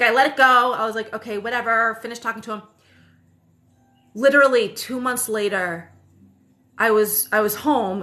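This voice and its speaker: Bright-voiced rambling woman livestreamer. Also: a little high. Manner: rambling, full of fillers and self-corrections; swears casually. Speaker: spiritual livestream host. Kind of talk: casual livestream storytelling. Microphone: phone livestream.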